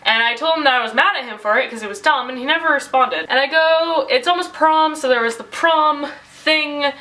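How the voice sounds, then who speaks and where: A woman's voice: high-pitched, a little fast, pushed and bright, poor audio. A teenage girl rambling through an exasperated vent in a casual video diary, with lots of "like". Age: teens. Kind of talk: casual venting vlog.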